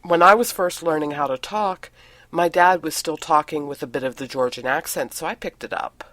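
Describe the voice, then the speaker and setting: A woman's voice: sits low, normal speed, fairly bright tone, no room sound. A woman co-hosting a casual podcast, telling family stories in a chatty way and laughing often. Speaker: podcast co-host.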